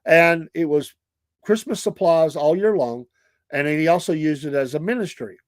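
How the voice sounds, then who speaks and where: A middle-aged man with a Southern drawl spins stories in a relaxed, chatty way, often breaking into laughter and little acted voices. His voice sits a bit high for a man. The sound is dry and close to the mic. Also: moderate pace, no echo. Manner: animated, laughing storyteller who acts out quoted voices. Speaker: podcast host. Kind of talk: casual storytelling chat.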